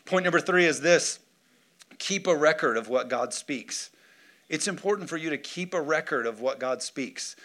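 A man pastor preaching a sermon in a church, lively and joking, calling on the congregation for amens. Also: a little high, normal speed. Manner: lively preaching with jokes and call-and-response. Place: church sanctuary.

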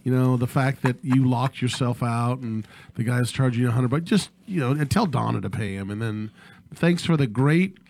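A man's voice: medium pitch, normal speed, gravelly, a little mellow. A middle-aged man hosting a radio law talk show, chatting casually with restarts and teasing his co-host. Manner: rambling, restarts, chuckling teasing.

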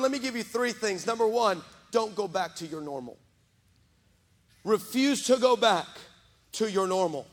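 Male pastor, high-pitched, lively comic storyteller, recorded in a reverberant church hall. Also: normal speed. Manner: animated, shouting at peaks, comic asides. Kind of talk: energetic storytelling sermon. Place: large church sanctuary.

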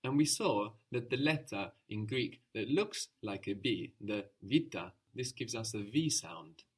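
A man's voice: fairly low pitch, expressive, a little slow, husky. A man teaching a language lesson, patient and encouraging, explaining each point step by step.

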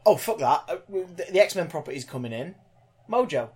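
A man co-hosting a casual podcast chat, animated, laughing often and swearing freely. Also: on the high side, brisk. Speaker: podcast co-host.

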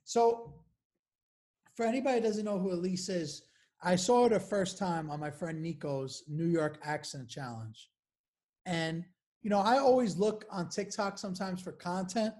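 A woman's voice: on the low side, normal speed, warm tone. A woman hosting a podcast, asking questions casually with hesitations and filler words. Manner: casual, hesitant, uses like and you know. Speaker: podcast host.

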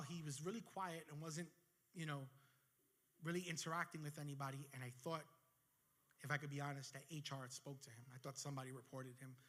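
A man preaching a sermon in a bright, forceful voice that sits a little high. He tells a story from his working life, then presses harder as he draws his point to a close. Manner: storytelling, building intensity toward the close. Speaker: pastor.

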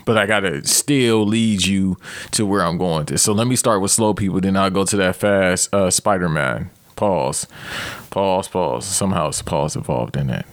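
Casting note: man in his thirties, lowish voice, dry close podcast mic, rambling profane comedy rant. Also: normal speed, no room sound. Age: 30s. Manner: profane, rambling, animated outbursts. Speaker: podcast host.

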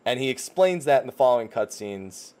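Male podcast co-host, mid voice, lively profane storyteller recapping a game plot. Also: mid-range voice, a little fast, slight background noise. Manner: animated retelling, swears freely, acts out characters' lines. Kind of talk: casual chat recapping a video game story.

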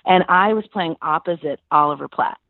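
Woman, middle-aged, conversational interview, gravelly, dry phone-like audio. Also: normal speed, no echo. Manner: animated, acts out quoted dialogue with big pitch jumps. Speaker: actress guest. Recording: tinny phone-like line.

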